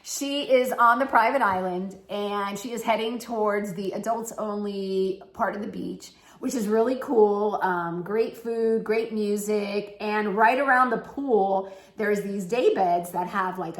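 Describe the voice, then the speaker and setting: A woman telling stories in a casual, chatty way, with a mid-pitched voice. She gets animated and jumps high in pitch when she quotes other people. The room around her sounds echoey. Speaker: cruise travel vlogger. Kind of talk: casual storytelling.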